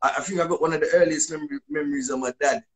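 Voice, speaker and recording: A man from Jamaica with a Jamaican accent, talking in a casual, lively interview as a dancehall artist guest. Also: a little high, racing. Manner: lively, animated patois-laced talk.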